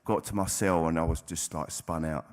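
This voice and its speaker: A very deep, low-pitched male voice tells his story to an audience. His delivery is plain-spoken and frank, with casual swearing. It has the candid tone of a personal testimony. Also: fairly even intonation, normal speed, a little mellow. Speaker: recovering addict sharing at a convention.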